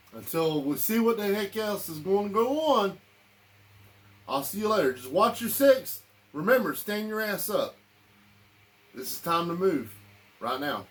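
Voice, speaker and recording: A man giving an angry, blunt and profane political rant to camera as a vlogger, repeating himself as he goes. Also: high-pitched. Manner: heated, repetitive, blunt and profane.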